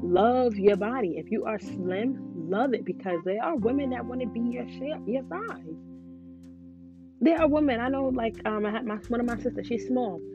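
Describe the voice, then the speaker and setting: A woman's voice: a little high, normal speed. A woman talking frankly and casually to her viewers, often saying "you know". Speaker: vlogger. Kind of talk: casual talk to camera. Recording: dull lo-fi sound. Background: guitar music playing.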